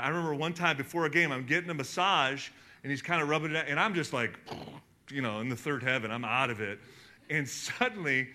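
A man preaching a sermon to his congregation, telling stories animatedly, with sudden jumps in loudness. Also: mid-range voice. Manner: animated storytelling, emphatic swings in loudness. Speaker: pastor. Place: church hall in front of a congregation.

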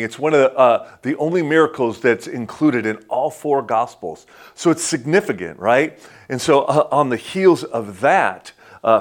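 A man preaching a sermon as a pastor in a conversational way, often dropping to a soft hush and saying "man" and "right?" a lot. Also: mid-range voice. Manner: frequent filler "man" and "right?".

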